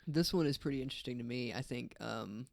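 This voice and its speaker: A man's voice: medium pitch, creaky, a little mellow, no room sound. An American man co-hosting a podcast in casual chat, joking and teasing. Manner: jokey, playful, quick to tease. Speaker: podcast co-host. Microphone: dynamic vocal mic.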